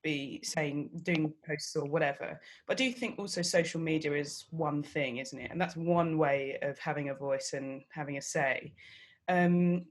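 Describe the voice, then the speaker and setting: Podcast panelist, thoughtful, reflective, middle pitch. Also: steady tone, moderate pace. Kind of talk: casual panel discussion.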